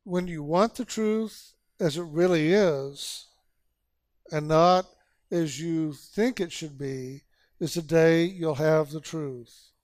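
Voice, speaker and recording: A calm, wise spiritual master with a fairly high voice who teaches slowly and without hurry, as a man puts him on while telling a story. The sound is dry and close. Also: dry recording.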